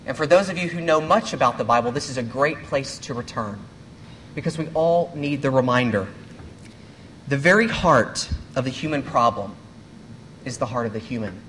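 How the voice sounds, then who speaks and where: A man serving as a pastor, giving a sermon to a church congregation in an earnest, measured way, often posing rhetorical questions. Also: mid-range voice, expressive, fairly bright tone, a little hiss or hum.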